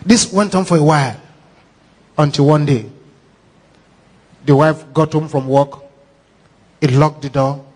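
A Nigerian man, a pastor, preaching a sermon with animated, repetitive, dramatic storytelling. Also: fairly high pitch, unhurried, long pauses, slightly rough. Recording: echoey hall reverb.

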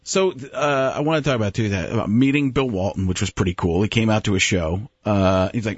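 A man's voice: lowish voice, a little fast, few pauses, husky, no room sound, lo-fi sound. A male comedian and impressionist telling stories in casual chat, laughing often.

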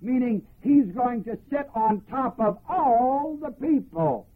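A man preaching a sermon, reading scripture slowly and emphatically and explaining each phrase. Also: very high-pitched, expressive, slightly rough. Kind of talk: sermon, Bible teaching. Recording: tinny phone-like lo-fi recording.

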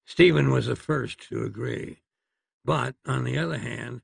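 A man's voice: mid-range voice, a little slow, gravelly, husky, no echo. A man narrating an audiobook with dry, wry storytelling.

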